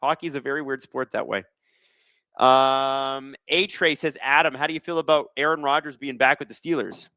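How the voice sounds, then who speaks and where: With a mid-range, bright, forceful voice at normal speed and fairly even intonation, this man hosts a live sports watch-along stream. The recording is dry. He reads the chat out loud and jokes sarcastically, swearing a lot.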